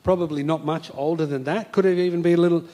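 A man's voice: on the high side, steady tone, fast talker, mellow. A man preaching a sermon, telling a story with fervent, emphatic repetition.

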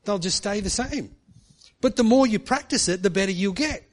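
Pastor telling a story, chatty. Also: male voice, high-pitched, expressive, normal speed. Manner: chatty, tag questions with "hey". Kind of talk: sermon storytelling.

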